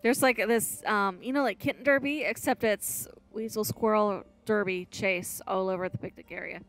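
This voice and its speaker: A woman player in a tabletop game, calm and measured as she describes her character. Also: mid-range voice, faint music behind. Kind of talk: tabletop role-play.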